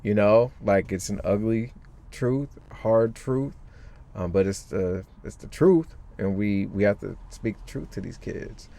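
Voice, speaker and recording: A man's voice: fairly low pitch, unhurried, vocal fry, dark tone. A man, a guest author on a podcast, speaking earnestly and thoughtfully with many fillers. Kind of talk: podcast interview.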